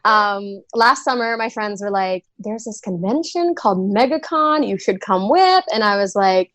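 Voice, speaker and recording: A woman's voice: a little high, animated, normal speed, few pauses, fairly bright tone, dry recording. A young woman with a Southern US accent, a podcast guest telling stories in a bubbly, giggly way. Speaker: guest cosplayer. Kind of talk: casual chat.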